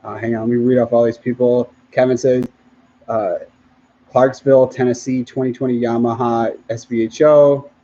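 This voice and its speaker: A man hosting a casual livestream, reading viewer comments aloud in a relaxed way, often laughing and trailing off mid-sentence. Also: mid-range voice, moderate pace, muffled recording, a little hiss or hum.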